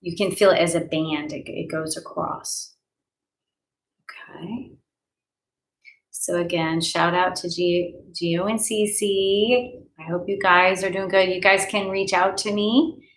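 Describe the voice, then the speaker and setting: A woman life coach leads a live healing session from her home. Her voice sits low with a gravelly fry, and she guides breaths, sighs and spoken affirmations in a soothing, unhurried manner. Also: steady tone, low-quality recording.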